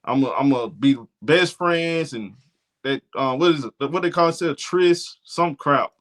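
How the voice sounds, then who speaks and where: A man's voice: a little high, a little slow, a bit bright. A man hosting a sports talk show, giving blunt, indignant commentary and often repeating himself.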